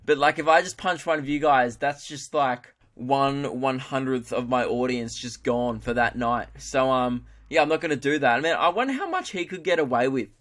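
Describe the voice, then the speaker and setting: A young Australian man talks straight into his podcast mic, rambling through a comedy bit with broad slang. He swears freely and keeps mocking himself. His voice sits at an ordinary middle pitch. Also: normal speed, hardly any pauses, fairly bright tone. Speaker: podcast host. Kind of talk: casual solo comedy podcast.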